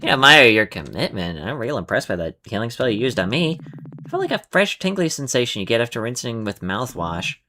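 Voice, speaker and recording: A man plays a cocky, upbeat young adventurer in a role-play game. His delivery is bright and springy, rising a little above his own voice, while faint music plays behind. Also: mid-range voice, sing-song, brisk, a little hiss or hum. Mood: breezy. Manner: breezy, encouraging.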